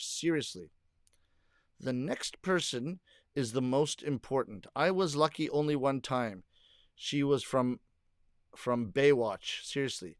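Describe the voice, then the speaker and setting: A middle-aged man with a fairly high voice hosts a casual livestream, reading out viewer comments and answering them with easy laughs. The sound is close and dry, with no room around it. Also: clean tone, no room sound. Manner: chatty, laughs often, reads comments aloud and answers them.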